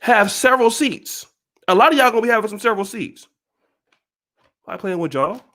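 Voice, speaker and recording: Animated, profane ranting man. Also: high-pitched, normal speed. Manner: emphatic, profane, repetitive, preachy. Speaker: channel host. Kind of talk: ranting commentary to viewers.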